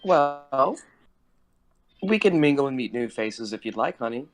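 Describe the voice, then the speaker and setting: A man's voice: medium pitch, animated, measured pace, natural voice. Give me a sweet-talking older vampire businesswoman, put on by a man. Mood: flirty. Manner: purring, says honey.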